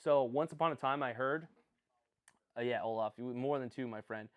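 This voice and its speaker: A man hosts a casual live stream, reacting to picks at normal speed in a mid-range voice with dull audio. He rambles, makes jokey, self-deprecating asides, and answers viewers.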